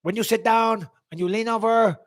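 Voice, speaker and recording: A man's voice: high voice, pitched above the performer's own voice, lightly acted. A man putting on a French Canadian accent to voice a hesitant fighter explaining breathing. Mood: earnest. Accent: French Canadian, put on. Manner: halting, repeats words while searching. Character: soft-spoken French Canadian fighter giving breathing advice.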